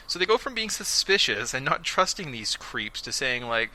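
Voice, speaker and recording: A man hosting a casual podcast, recapping episodes with sarcastic, animated storytelling and mocking quoted voices. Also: medium pitch, normal speed, hardly any pauses, poor audio. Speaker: podcast host.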